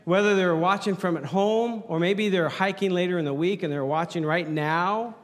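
A man with a high voice preaches a sermon as pastor at a normal speed, joking playfully with the congregation through a handheld mic. The recording, made in a church hall, carries hall reverb.

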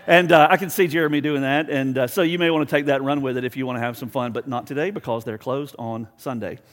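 A man's voice: mid-range voice, fast talker, long reverb tail. A male pastor preaching a sermon in a conversational, storytelling way, acting out quotes and asking the crowd for agreement. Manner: animated storytelling, acts out quotes.

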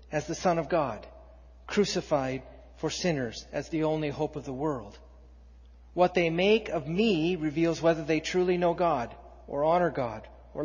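A man preaching a sermon, reading scripture aloud with rising force and dropping to quiet emphasis. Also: a little high, husky. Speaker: pastor. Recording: dull, muffled sound in a long-reverb hall.

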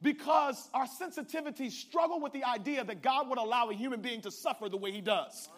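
A man preaching a sermon, calling out to the congregation and swinging from hushed asides to shouted climaxes. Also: extremely high pitch, brisk. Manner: calls out to the congregation.

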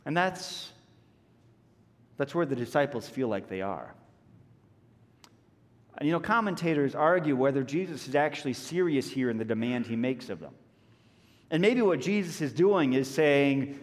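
A man preaching a sermon as a pastor, telling stories with lively, acted-out voices. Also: medium pitch, normal speed, pauses often, big-room sound. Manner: animated storytelling, acting out voices of people in the story.

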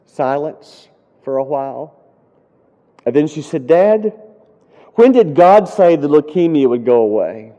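A pastor with a highish voice preaches a sermon, first telling a story earnestly and then rising into impassioned, pleading prayers. His intonation is lively, his pace a little slow with long pauses, and the sound is dull with a long hall reverb.

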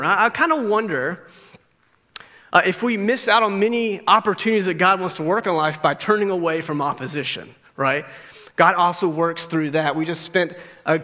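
Man, pastor, conversational sermon, bright tone, long hall reverb. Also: high voice. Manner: conversational, frequent "like" and "right?" asides. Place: church sanctuary.

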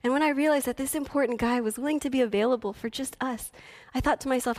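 A young adult woman preaching a sermon as a youth pastor, swinging between loud emphatic lines and hushed near-whispers. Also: sits high, fast.

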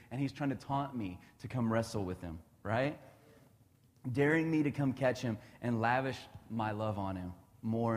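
A man's voice: on the low side, darkish tone, big-room sound. A man in his thirties giving a casual devotional talk, chatty and laughing often.

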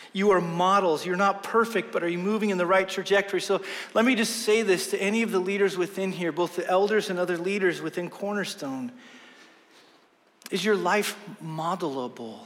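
A man's voice: high-pitched, normal speed, a bit bright. A man preaching a sermon as pastor, earnest and emphatic, with self-deprecating jokes. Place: church sanctuary. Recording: long reverb of a large hall.

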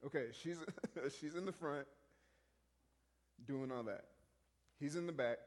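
A man telling a story in a rambling, halting way, full of restarts, as a minister sharing a testimony. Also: a little high, a little mellow, big-room sound.

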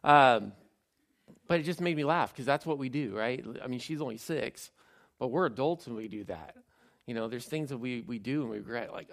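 A male pastor preaches in a loose, conversational way, telling stories on himself. His voice has a gravelly, creaky edge at an average pitch. He swings between louder emphatic lines and quiet asides. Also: lively intonation, normal speed. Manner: conversational, self-deprecating storytelling. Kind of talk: sermon.

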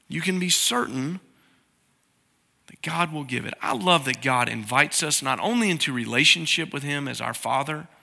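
Bright high-voiced male preacher. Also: vocal fry. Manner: conversational preaching, acts out quoted prayers in a soft low voice. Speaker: pastor. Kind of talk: sermon.

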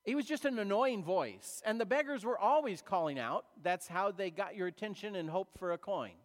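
A man preaching a sermon as a pastor, retelling a story in a conversational way with dramatic pauses. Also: high voice, animated. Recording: long reverb of a large hall.

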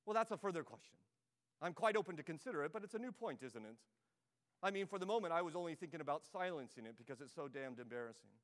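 A man's voice: on the high side, expressive, fast, fairly bright tone. A preacher reading as a dithering ghost man. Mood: evasive. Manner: hedging, evasive, politely flustered. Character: dithering, excuse-making male ghost from hell. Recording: long hall reverb.

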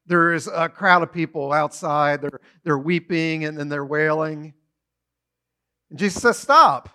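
Delivering a sermon, this man with a voice on the high side brings a story to life through lively narration and brief acted-out lines.

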